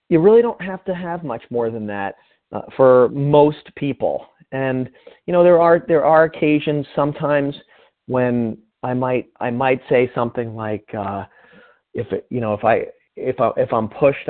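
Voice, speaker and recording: A man giving informal coaching advice in a conversational way, often restarting his phrases. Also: medium pitch. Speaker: sales coach. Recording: tinny phone-like sound.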